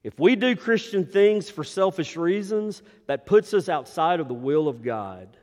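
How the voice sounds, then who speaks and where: Pastor preaching in a reverberant hall. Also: male voice, high voice, lively intonation, measured pace. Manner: preaching with emphatic rises and hushed drops. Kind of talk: sermon. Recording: long reverb of a large hall.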